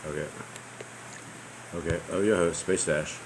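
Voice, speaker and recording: A man proofreading along with a reader, asking quick questions and cracking jokes. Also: low-pitched, fairly even intonation, a little hiss or hum, rough recording. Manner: joking, quick to ask questions and check details. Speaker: proofreader checking text. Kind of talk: casual chat while proofreading.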